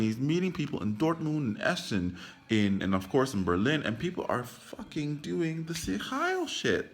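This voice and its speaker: Young guy vlogging on a phone, low voice, loose rambling delivery, salty language. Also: a bit bright. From United States. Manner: rambling, heavy use of "like", swears freely. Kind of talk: casual film commentary to camera. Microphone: phone camera.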